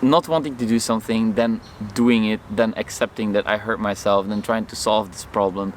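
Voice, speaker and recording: A man vlogging outdoors, telling a personal story to camera in an animated way and acting out the lines of people in it. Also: lowish voice, normal speed, slight background noise. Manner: animated, acts out his own and others' lines in the story.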